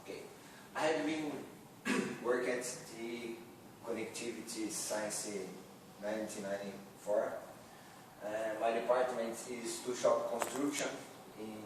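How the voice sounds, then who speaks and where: A man giving a practice presentation in halting speech, stopping often to search for words. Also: mid-range voice, fairly even intonation. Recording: echoey room, far from the mic, faint noise.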